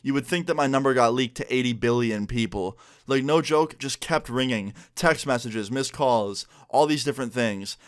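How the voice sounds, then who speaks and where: Smooth-voiced young man telling a story. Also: mid-range voice, normal speed, hardly any pauses, no room sound, studio quality. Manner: chatty, animated retelling with many fillers. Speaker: vlogger. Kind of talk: casual story time.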